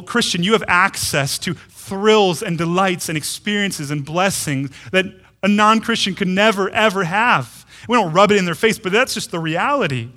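A man in his thirties, a pastor, preaches a sermon in a slightly high voice, speaking with animated emphasis and often repeating words.

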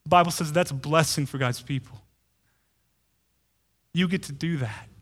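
A man in his thirties, a pastor preaching a sermon with animated emphasis and frequent repeated words. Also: a little high, normal speed.

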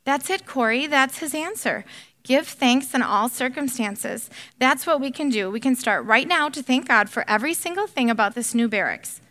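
A woman reading aloud the lines of a calm, faithful woman prisoner, gently insistent and cheerful. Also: sits high, moderate pace. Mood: encouraging.

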